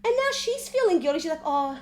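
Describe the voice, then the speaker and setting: A woman with a high, bright-pitched voice recaps a reality TV episode in a gossipy way. She is animated and sarcastic and keeps slipping into mimicry of the people she discusses. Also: moderate pace.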